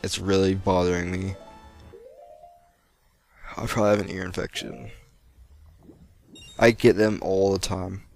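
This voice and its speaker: A man's voice: low voice, little pitch movement, a little slow, gravelly, pauses often, darkish tone, soft background music. A young American man giving rambling, chatty gameplay commentary and laughing often. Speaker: let's play gamer. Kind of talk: post-recorded gameplay commentary.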